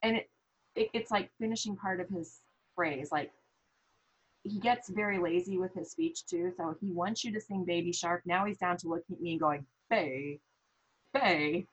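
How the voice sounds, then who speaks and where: A middle-aged woman from the American Midwest, telling stories as a guest in a casual interview with restarts and quick laughs. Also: lowish voice, husky, poor audio. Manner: animated storytelling, frequent restarts and laughs.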